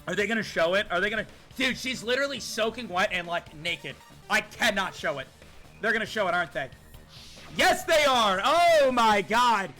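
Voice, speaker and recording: A young man streaming a video game live, talking excitedly to his chat and often shouting in disbelief. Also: sits high. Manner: hyped, shouting at chat, rapid exclamations. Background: game music.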